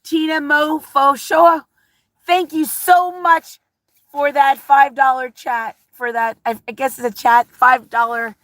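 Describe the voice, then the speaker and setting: A woman hosting a casual livestream, rambling warmly and openly nervous as she reads viewer comments aloud. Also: sits high, fairly even intonation, takes it slowly, no echo. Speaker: livestream vlogger. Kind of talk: casual live-chat talk.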